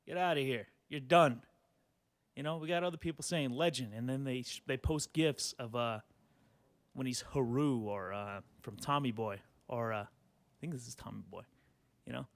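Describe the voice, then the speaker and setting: A man's voice: medium pitch, normal speed, no room sound. Profane ranting young man, dry close mic. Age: 20s. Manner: sarcastic, profane, rambling with many fillers. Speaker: podcast host. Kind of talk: ranting solo podcast.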